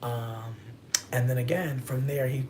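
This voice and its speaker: A vlogger in a loose stream-of-consciousness chat, telling stories in a profane, slangy way that keeps leaping up into high exclamations. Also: steady tone, measured pace, noisy background.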